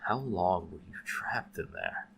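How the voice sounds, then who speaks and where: A man voicing a hardened, deadpan armed man in a horror audio story. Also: deep voice, unhurried, vocal fry, slight background noise, full character voice. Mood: tense. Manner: deadpan, flat.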